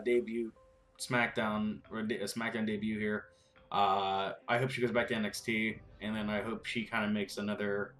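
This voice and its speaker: A man's voice: fairly low pitch, a bit bright. A man giving a casual, profane, rambling recap rant as a wrestling vlogger, with frustrated asides.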